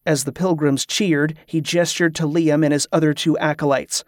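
A male narrator reading a fantasy novel with vivid, dramatic delivery. His voice sits fairly high for a man, captured on a close mic in a dry, dead space with no room sound. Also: fairly even intonation, moderate pace, few pauses, no echo. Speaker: audiobook narrator.

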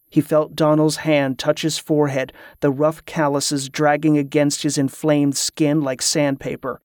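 A man reading a novel aloud in a steady, even narration. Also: a little high, measured pace, few pauses, no echo, clean studio sound. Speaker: audiobook narrator. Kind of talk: scripted narration.

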